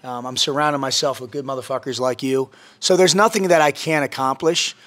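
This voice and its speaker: A man as a podcast guest, talking in a brash, profane, boastful motivational style that gets louder when he is worked up. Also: medium pitch, brisk. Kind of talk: casual podcast chat.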